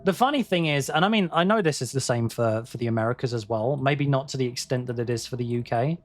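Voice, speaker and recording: A man's voice: mid-range voice, fast. A man hosting a game livestream, chatting casually with viewers in a rambling way, with restarts and the odd swear word. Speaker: livestream host playing a game. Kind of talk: casual chat with viewers while gaming.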